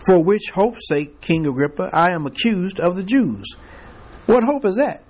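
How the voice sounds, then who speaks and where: A man's voice: high-pitched, animated, moderate pace, darkish tone, breathy edge. A man teaching a Bible class, reading scripture aloud and prompting the class to fill in the words, with chuckling asides.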